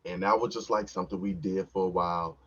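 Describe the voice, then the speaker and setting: A man tells a story from his own life in a laid-back, slangy, rambling way. His voice sits low and a little husky. The recording is dull and lo-fi. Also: steady tone, fast talker, fairly bright tone. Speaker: podcast host. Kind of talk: casual storytelling.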